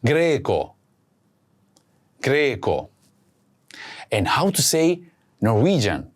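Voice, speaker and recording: A man hosting a language lesson, speaking slowly and clearly and saying each word twice for practice. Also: mid-range voice, huge pitch swings. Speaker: language teacher host. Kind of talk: slow scripted lesson with repeat-after-me drills.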